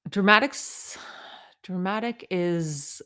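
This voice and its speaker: A woman co-hosting a podcast, chatting casually about a reality show with quick jokey asides and frequent laughter. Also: lowish voice, bright, forceful tone. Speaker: podcast co-host.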